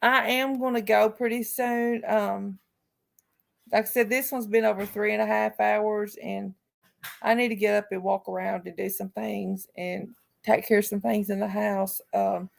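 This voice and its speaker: Hosting a live stream, a woman speaks to her chat viewers in a mid-range voice with a level tone, a slightly slow pace, and vocal fry. She's casual and outspoken, with heartfelt remarks.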